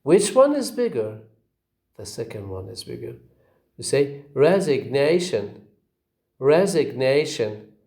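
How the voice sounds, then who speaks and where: A man's voice: medium pitch, wildly swooping pitch, unhurried, creaky, pauses often, mellow. A male teacher giving a phonetics lecture, repeating each example word for drilling and asking questions he then answers himself.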